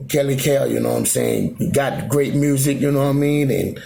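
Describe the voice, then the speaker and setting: Briskly and with vocal fry, a man speaks in a medium-pitched, mellow voice to his phone camera at home in Alaska, with slight background noise. The vlogger rambles casually, repeating "you know what I'm saying."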